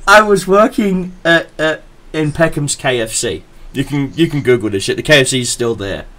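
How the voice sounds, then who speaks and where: A man's voice: fairly high pitch, lively intonation, normal speed, fairly bright tone. A young man, hosting a podcast and telling a crude story in a loose, laughing way. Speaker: podcast host. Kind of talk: casual storytelling.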